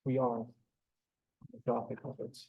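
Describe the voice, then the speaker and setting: A man teaching a live beginners' Hebrew class, halting and repeating words, polite to his students. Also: medium pitch, completely flat delivery, narrow, tinny audio.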